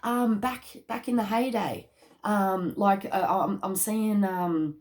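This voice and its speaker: A woman doing a casual tarot card reading, chatty and excitable, with casual slang and bursts of laughter. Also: mid-range voice, slow pace.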